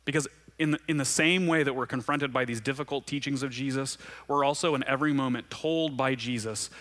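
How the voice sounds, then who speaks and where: A man's voice: mid-range voice, brisk, a bit bright. A man preaching a sermon as pastor to his church, earnest and conversational, with frequent light laughs.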